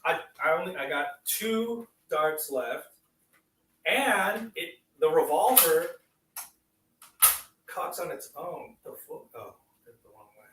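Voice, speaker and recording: A man talking casually to camera during an unboxing, rambling and swearing, with loud bursts of excitement, recorded at home on a camera mic. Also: a little high, takes it slowly, pauses often, noisy background. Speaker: vlogger. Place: someone else's home. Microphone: external mic on camera.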